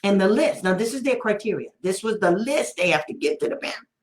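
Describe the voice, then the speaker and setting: A woman's voice: medium pitch, animated, fast talker, roomy sound. A woman special education advocate telling a story in casual talk, blunt and sarcastic, often laughing.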